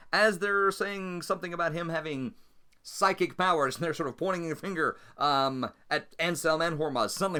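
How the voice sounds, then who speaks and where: A man hosting and narrating his solo tabletop role-playing game in a chatty, casual way that breaks into easy laughter. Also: medium pitch. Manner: chatty, animated, laughs easily.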